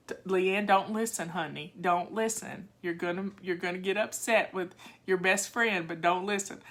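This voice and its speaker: With a mid-range, somewhat bright voice, an older home-organizing vlogger holds a casual live chat with her audience. Her manner is chatty and homespun, and she answers viewers' comments as she goes.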